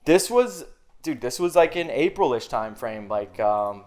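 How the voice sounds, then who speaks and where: A man's voice: mid-range voice, big pitch swings, unhurried, a little mellow. A man telling a story in casual podcast chat, swearing freely and acting out quoted dialogue. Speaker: podcast guest.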